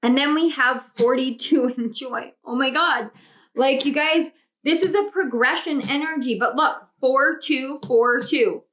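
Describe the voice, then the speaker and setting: A young woman doing a pick-a-card tarot reading, gushing and exclamatory as she speaks to her viewers. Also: high voice. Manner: gushing, excitable, spiritual, exclamatory. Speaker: tarot reader.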